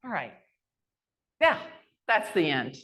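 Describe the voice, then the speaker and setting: A woman's voice: on the low side, slow pace, noisy background. A woman, a guest speaker telling brash, folksy stories on stage at a sales rally. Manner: brash, lively, folksy storyteller. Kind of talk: storytelling talk on stage.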